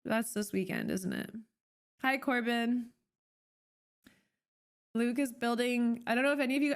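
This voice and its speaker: A woman's voice: a little high, steady tone, measured pace, pauses often. A young woman from Canada chatting casually on a live stream, rambling with many fillers and restarts.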